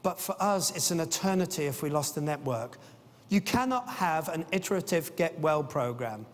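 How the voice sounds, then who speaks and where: A middle-aged man with a high voice, speaking at a business conference. He sounds enthusiastic and tells stories between points, often pausing on "uh". His voice carries the long reverb of a large conference hall. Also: lively intonation. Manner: enthusiastic, anecdotal, with frequent "uh" fillers.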